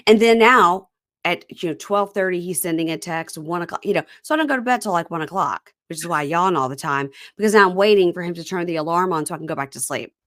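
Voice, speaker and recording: A woman's voice: fairly low pitch, animated, quick pace, fairly bright tone. A woman hosting a podcast, chatting casually and retelling scenes from a reality show at length. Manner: retells scenes at length, quoting cast members. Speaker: podcast host.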